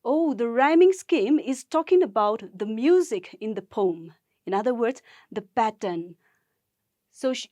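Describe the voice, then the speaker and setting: A woman teacher from Nagaland, India, leading a gamified poetry lesson for school students in a slow, encouraging way. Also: a little high, darkish tone, no room sound, clean studio sound. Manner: encouraging, speaks slowly and deliberately to learners.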